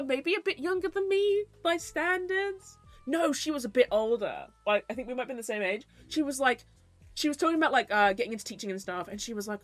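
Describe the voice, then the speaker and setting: A woman's voice: mid-range voice, a bit bright, no echo. A young woman streamer who chats casually and rambles, with easy swearing. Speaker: VTuber streamer.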